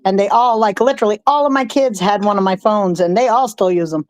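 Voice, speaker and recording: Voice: mid-range voice, fast talker, dry recording. Easygoing chatty co-host, dry sound. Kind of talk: casual livestream chat.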